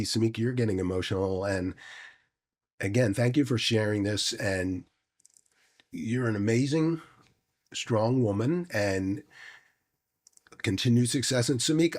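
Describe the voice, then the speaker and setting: A man's voice: on the low side, darkish tone. A man hosting an interview, speaking in an admiring, conversational way with loose, rambling phrasing before his question. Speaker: host.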